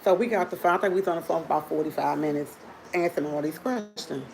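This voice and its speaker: Woman, livestream host, casual storytelling, animated, laughing, faint background noise. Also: low-pitched, quick pace, vocal fry. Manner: animated, laughs often, talks to viewers; drinks coffee while talking.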